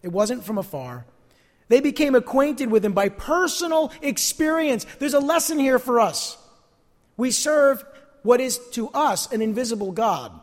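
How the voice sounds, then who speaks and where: Male pastor, sermon, lively swooping delivery, long hall reverb. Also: extremely high pitch, a little slow. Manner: earnest, animated preaching with emphatic repetitions.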